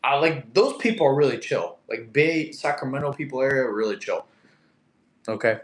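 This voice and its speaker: A man's voice: medium pitch, lively intonation, normal speed. A young man from Russia, hosting a casual livestream Q&A, reading chat questions aloud and answering with jokes. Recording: echoey room.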